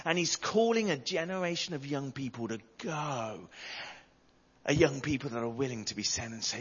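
A man's voice: mid-range voice, expressive, normal speed, breathy edge, big-room sound, lo-fi sound. A man preaching a sermon, telling stories emphatically and repeating lines for effect.

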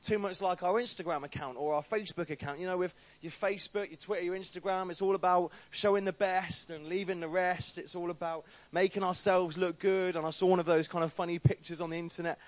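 A man's voice: sits high, steady tone, fast talker, few pauses. A young man giving an informal talk to a faith group, telling a story with chatty, self-deprecating asides.

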